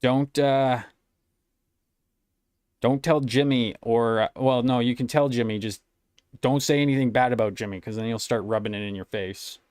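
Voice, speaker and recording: A man's voice: medium pitch, fairly even intonation, moderate pace, pauses often, darkish tone, smooth, no room sound, studio quality. A man streaming live, casually reacting to clips, laughing and mocking people as he swears. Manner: mocking, swears, laughs at his own trolling.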